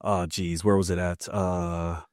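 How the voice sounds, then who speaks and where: A man from Maryland hosting a casual podcast, his voice sitting a little low. He tells family stories and slips into the voices of the people in them. The sound is dry and close, with no room echo. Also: level tone, measured pace, darkish tone. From Maryland, USA. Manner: chatty storyteller who acts out family dialogue. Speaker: podcast host.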